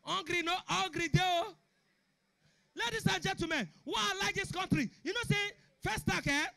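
High bright Nigerian comedian, gravelly. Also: male voice, moderate pace. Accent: Nigerian Pidgin English. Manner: shouting punchlines, acting out characters. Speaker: stand-up comedian. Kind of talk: stand-up comedy routine.

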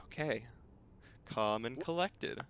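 A man's voice: mid-range voice, expressive, slow, fairly bright tone, slight background noise. A young man commentating his own gameplay, exasperated and bickering aloud with the game and himself. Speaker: gaming video host.

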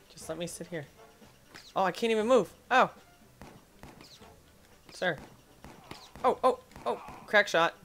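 A man hosting a gaming channel, giving playful, excitable let's-play commentary and talking back to the enemies on screen. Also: sits high, slow, long pauses, a little hiss or hum.

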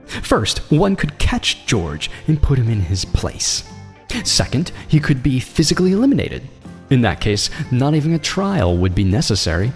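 A man reads a dramatic story aloud with a lively, rising and falling voice and a measured storytelling delivery. A long reverb hangs on his words, and faint music plays underneath. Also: medium pitch, creaky. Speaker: narrator. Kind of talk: scripted story narration.

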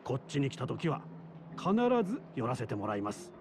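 A man voicing a brisk, polite game customer. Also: medium pitch, animated, close to an everyday voice. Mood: polite praise. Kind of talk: game character dialogue in Japanese. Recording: game audio under music.

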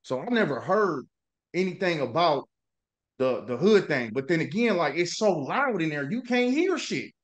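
A man's voice: on the high side, sing-song, normal speed. Easygoing male interview host. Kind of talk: casual interview chat.

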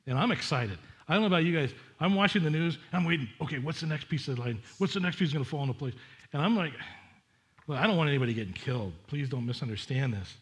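A middle-aged man, a pastor preaching a sermon in a chatty, animated way with asides to the congregation. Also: fairly high pitch, fast talker.

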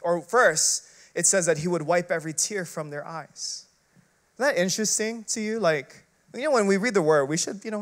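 A male preacher with a fairly high voice delivers his sermon in a loose, chatty way. He pours in rhetorical questions and casual filler, then drops to a hush before rising to loud emphasis. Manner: swings between loud emphatic and quiet hushed passages. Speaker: associate pastor.

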